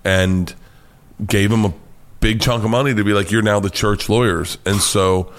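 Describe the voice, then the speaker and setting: A middle-aged man telling stories as a comedian guest in a casual interview, swearing freely and acting out quotes with sudden loud outbursts. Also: on the low side, moderate pace. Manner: animated storyteller, swears freely, acts out quotes loudly.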